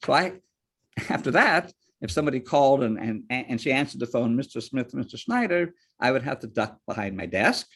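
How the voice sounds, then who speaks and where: A man's voice: mid-range voice, a little fast, slightly rough. A man giving a lecture on ethics to board members, telling personal anecdotes and asking rhetorical questions. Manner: lively storyteller, rhetorical questions.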